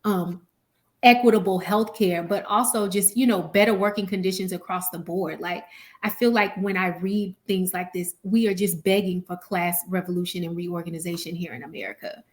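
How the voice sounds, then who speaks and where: A woman's voice: fairly low pitch, steady tone, moderate pace. A woman co-hosting a podcast interview, asking a guest long, conversational questions. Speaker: podcast co-host.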